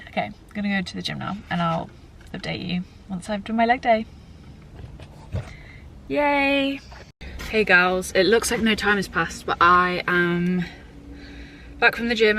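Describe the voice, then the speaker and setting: A woman's voice: medium pitch, fairly bright tone. A young woman with a British accent, chatting casually to her camera in a rambling vlog style. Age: young adult. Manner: chatty and rambling, frequent "like" and "genuinely". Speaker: vlogger.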